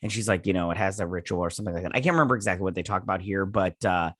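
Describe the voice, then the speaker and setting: A man's voice: low-pitched, racing, a bit bright, no room sound, studio quality. A man in his thirties giving a casual, rambling recap and review of a TV episode, full of fillers and paraphrased scenes, sounding a bit sleepy. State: sleepy, yawning. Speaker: show reviewer.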